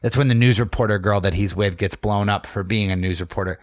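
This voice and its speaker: A man's voice: on the low side, fast, no room sound, clean studio sound. Joking man in casual podcast banter. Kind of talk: casual chat.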